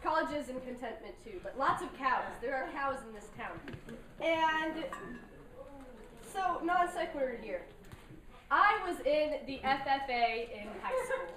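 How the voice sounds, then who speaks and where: A woman's voice: high voice, expressive, unhurried, a bit bright. A young woman doing a stand-up set, chatty and self-deprecating, laughing between lines. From North Carolina mountains. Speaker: stand-up comedian. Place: large hall with an audience. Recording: echoey hall from far off, noisy.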